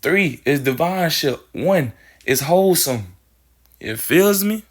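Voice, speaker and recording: A spiritual speaker with a fairly high, animated male voice takes his time. His monologue rambles and plays with words, restarting phrases and checking in with "you feel me."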